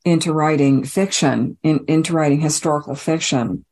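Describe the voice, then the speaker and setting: A woman author speaks in a relaxed interview, thinking aloud as she goes. She often restarts her phrases and laughs lightly between thoughts. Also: deep voice, normal speed, husky. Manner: reflective, warm laughing asides, many restarts. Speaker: author guest. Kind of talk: casual interview conversation.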